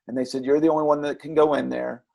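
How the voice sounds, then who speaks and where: Earnest gravelly man telling stories. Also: on the high side, level tone, mellow. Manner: earnest, halting with repeated restarts. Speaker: interview guest, former children's character performer. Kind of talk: reflective storytelling.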